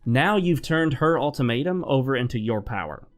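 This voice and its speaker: A man hosting a gameplay vlog, giving advice in a calm, instructive tone. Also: medium pitch, moderate pace, hardly any pauses, soft background music. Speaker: gaming channel host. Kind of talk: advice talk over gameplay.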